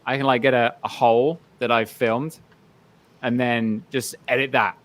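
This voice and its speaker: A man's voice: mid-range voice, little pitch movement, normal speed, a bit bright. Blunt, self-mocking man on a podcast. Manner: blunt, self-mocking, acts out quoted people. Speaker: podcast guest. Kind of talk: casual podcast chat.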